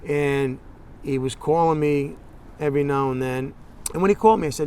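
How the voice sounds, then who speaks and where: Guy being interviewed, blunt and animated, slightly high voice, acts out both sides of calls, faint hiss behind. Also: normal speed. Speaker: interviewee in a documentary. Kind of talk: telling a story in an interview.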